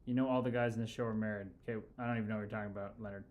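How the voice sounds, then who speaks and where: Rambling ex-hockey player host. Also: male voice, on the low side, fairly even intonation, racing, darkish tone. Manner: rambling, profane storytelling with many fillers and restarts. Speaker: podcast host and former pro hockey player. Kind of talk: casual livestream chat with viewers.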